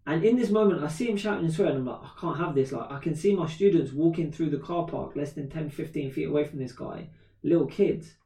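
A man in his thirties, a podcast co-host, telling a story in casual chat, animated and swearing freely. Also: on the high side, fast talker. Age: 30s. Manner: animated, swears freely, acts out quoted voices. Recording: roomy echo, distant from mic.

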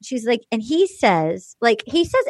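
A woman's voice: a little high, unhurried, no echo, studio quality. A woman hosting a casual talk show, animatedly retelling events and acting out quotes. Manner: animated storyteller who acts out quotes. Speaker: podcast host. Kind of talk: casual chat recapping a reality show.

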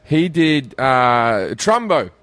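A man's voice: mid-range voice, sing-song, very slow, a bit bright, no room sound. A middle-aged Australian man in casual podcast chat, a swearing, rambling storyteller who laughs often. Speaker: guest.

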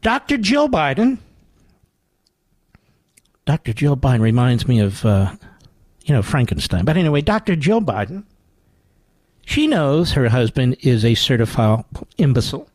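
A man's voice: mid-range voice, very animated, measured pace, pauses often, darkish tone, dry recording. A man hosting a radio talk show, delivering a sarcastic, mocking monologue full of rhetorical asides into a studio microphone.

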